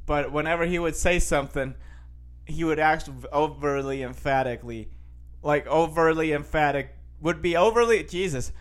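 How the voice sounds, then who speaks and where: A man's voice: on the high side, unhurried. A young man from Costa Rica chatting casually as a show host, rambling with many fillers and restarts. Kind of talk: casual chat.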